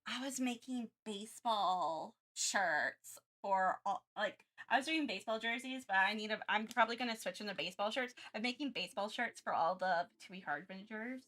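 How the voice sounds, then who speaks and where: A woman's voice: medium pitch, normal speed, hardly any pauses, a bit bright. A woman streamer chatting casually during her art livestream, rambling with many restarts and frequent giggles.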